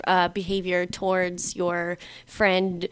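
A woman's voice: lowish voice, monotone, clean tone, no echo. A young woman co-hosting a podcast in casual chat, laughing often as she talks. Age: young adult. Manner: giggly, quick to laugh. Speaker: podcast co-host.

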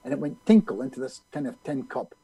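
A man, a hypnotist being interviewed, telling a story in an animated way and acting out other people's lines. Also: mid-range voice, fast, creaky, breathy edge, dry recording, poor audio. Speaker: hypnotist guest.

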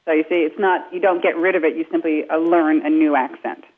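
A woman's voice: low voice, fairly even intonation, brisk. Woman coach from England, phone-line sound. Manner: explains with spoken examples. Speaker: accent coach. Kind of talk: casual radio chat.

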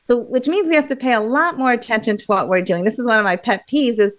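A woman being interviewed as a memory coach, explaining in a lively, teacherly way and acting out examples. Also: fairly high pitch, fast talker.

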